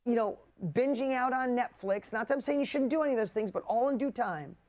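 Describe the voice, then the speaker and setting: A man coaching a live online group in an emphatic, punchy way, swearing casually and swinging between loud urging and quiet intensity. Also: very high-pitched, a little fast, muffled recording. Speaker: business coach. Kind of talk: motivational coaching livestream.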